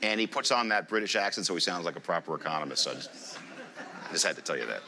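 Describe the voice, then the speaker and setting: Male conference presenter, lively and jokey, bright voice, lots of pitch swing. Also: fast talker. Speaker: conference speaker. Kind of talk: live presentation to an audience.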